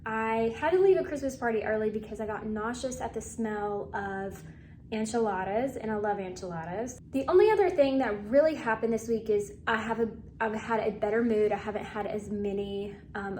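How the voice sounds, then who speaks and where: A woman's voice: on the high side, moderate pace, darkish tone, slight background noise. A young adult woman giving a candid, chatty update to her viewers in a casual vlog. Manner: candid, confiding, chatty with fillers. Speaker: vlogger.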